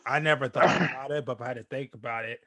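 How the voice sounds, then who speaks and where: A man's voice: mid-range voice, fairly even intonation, fast talker, bright, forceful tone. A man co-hosting a podcast, teasing his friend in casual chat. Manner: teasing, laughing ribbing of a friend. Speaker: podcast co-host.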